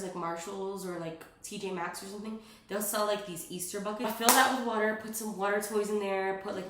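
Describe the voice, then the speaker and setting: A young mother talks through her tips in a loose, rambling vlog, her sentences full of "like" and "um." Her voice sits at an ordinary middle pitch. The room around her gives the sound a noticeable echo. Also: fairly bright tone. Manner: rambling, frequent "like" and "um", earnest. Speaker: mother sharing parenting advice. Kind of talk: casual chatty vlog. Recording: roomy echo.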